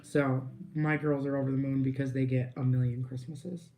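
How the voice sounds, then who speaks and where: A woman's voice: very deep voice, flat delivery, moderate pace, dark tone, roomy sound. A woman co-hosting a casual wine-tasting podcast, losing her voice, with a wry, easygoing way of talking. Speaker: podcast co-host.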